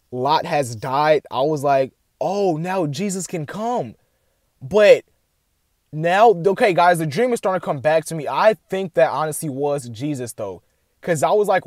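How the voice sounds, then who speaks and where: A young man chatting casually to camera and recounting a dream, rambling with lots of filler words and animated bursts. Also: on the high side, no echo, studio quality. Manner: rambling, heavy "like" filler, addresses "guys"; excited and animated retelling. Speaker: vlogger sharing a dream.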